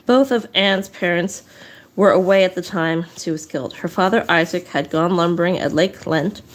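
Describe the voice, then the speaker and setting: Breathless woman reading local history aloud. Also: on the low side. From southwest Nova Scotia. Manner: reads with restarts and dry asides. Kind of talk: casual read-aloud narration.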